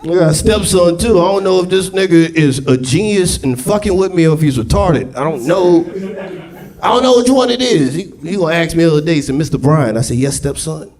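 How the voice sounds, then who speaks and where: Man, stand-up comedian, profane, animated, shouting punchlines, slightly high voice, loud club audience. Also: fast, a crowd in the background. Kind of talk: raunchy stand-up set.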